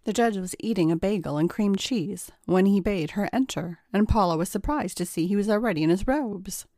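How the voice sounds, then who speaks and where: A woman narrating a story in a steady, even storytelling manner. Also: mid-range voice, a little fast, no room sound, clean studio sound. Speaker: audiobook narrator. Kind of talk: scripted narration.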